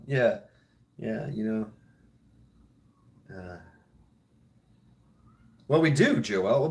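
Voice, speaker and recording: A man's voice: mid-range voice, bright, forceful tone. Male host, loose profane rambling chat, laughs at his own jokes. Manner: mimics others in mock voices. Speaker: show host. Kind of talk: casual chat.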